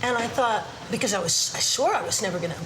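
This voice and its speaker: A woman talking as a guest in archive TV footage, lively and open, laughing easily in a candid chat. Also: fairly high pitch, fast, background noise. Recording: old TV footage with music behind. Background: music.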